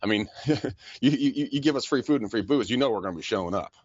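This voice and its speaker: Fast-talking man on a podcast. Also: mid-range voice, dry recording, lo-fi sound. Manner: fast, animated, laughing often, many repeated words. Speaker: podcast co-host, real estate agent. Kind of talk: casual podcast chat.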